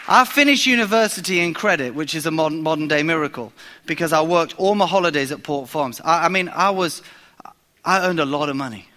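A man's voice: a little high, sharp tone, slight background noise. A man, preaching a sermon in a conversational way, with emphatic repetition and frequent restarts. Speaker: pastor.

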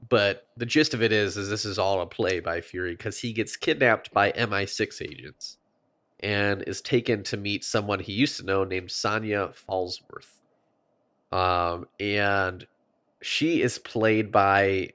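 Low-voiced man recapping an episode casually. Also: fairly bright tone. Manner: casual, loose, swears freely, rambling recaps. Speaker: podcast co-host. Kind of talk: casual chat.

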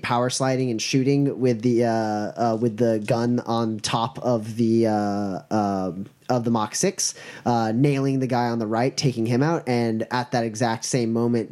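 A man narrating a tabletop role-playing session as game master, pitched in an ordinary middle range. He talks in a halting way, stopping often on filler sounds while he works out the scene. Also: darkish tone.

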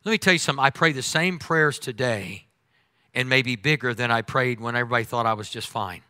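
A man preaching a humorous sermon as pastor, animated, swinging between loud exclamations and quiet asides. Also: medium pitch, brisk, no echo.

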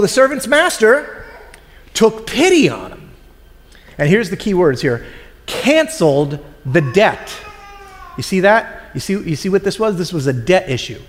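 A man's voice: high-pitched, long reverb tail. A man preaching a sermon in a conversational way, acting out the voices of people in the story. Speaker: pastor.

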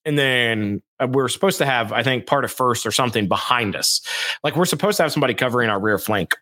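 Man, middle pitch, relaxed storytelling, dry close mic. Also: no room sound. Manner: relaxed, measured, many fillers like um. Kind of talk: casual storytelling chat.

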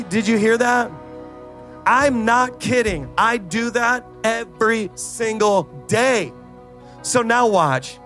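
A man's voice: high-pitched, fairly bright tone. A middle-aged male pastor preaching a sermon, rising into fervent, sing-song prayer and exhorting the congregation with repeated calls.

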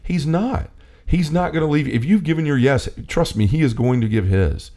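Man, co-host, casual faith discussion, animated, frequent restarts. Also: a little high, moderate pace. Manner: animated, acts out quotes, many restarts.

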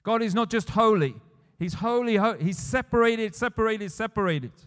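A man's voice: sits high, normal speed, fairly bright tone. A man preaching a sermon, retelling scripture scenes and building to emphatic declarations. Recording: long church hall reverb.

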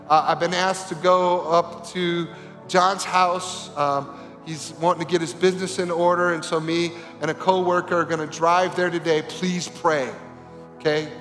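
A male pastor telling a story in a sermon, animated and acting out the voices of the people in it. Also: on the high side. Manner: animated, acts out quoted voices. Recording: reverberant hall with faint music.

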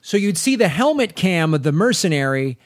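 High-voiced man raving about a film. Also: very animated, a little fast. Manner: enthusiastic, emphatic, swears for effect. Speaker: podcast co-host. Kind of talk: casual film discussion.

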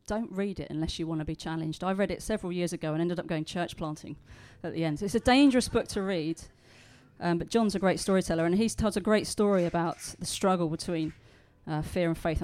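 London woman preaching a sermon. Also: fairly low pitch. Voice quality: conversational, warm storytelling delivery with filler words. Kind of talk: sermon with read-aloud story.

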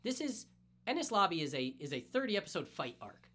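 Excited man recapping a story. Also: high-pitched, a little fast. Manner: excited, animated storytelling with casual swearing. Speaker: podcast co-host. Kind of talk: casual anime recap chat.

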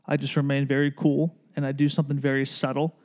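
A man's voice: medium pitch, fast. A man co-hosting a casual podcast chat, telling funny stories and acting out the people in them. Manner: animated storyteller, acts out drivers and friends. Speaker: podcast co-host.

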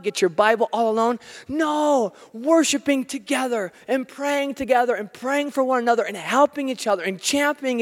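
An American man preaching a sermon, telling stories with animated, self-deprecating humor. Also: very high voice. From United States. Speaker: pastor. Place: church hall. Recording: long hall reverb.

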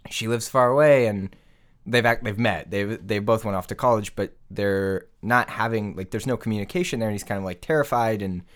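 A man's voice: on the low side, a little fast. A man in his twenties, a podcast guest, telling stories with frequent laughter. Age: 20s. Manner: laughs often, animated storytelling. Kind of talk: casual podcast chat.

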